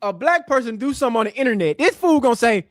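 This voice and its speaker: A man with a very high, expressive voice talks at a quick pace on his live reaction stream, captured in poor audio with no echo. Speaking casually, the livestream host mocks the clip and talks back at it.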